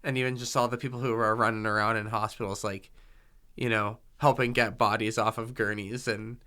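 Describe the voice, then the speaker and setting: A man with a crisp, resonant voice, chatting casually as a host. He rambles with enthusiasm, and his tone is bright and a little forceful. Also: lowish voice, flat delivery, a little fast. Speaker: podcast host. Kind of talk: casual conversation.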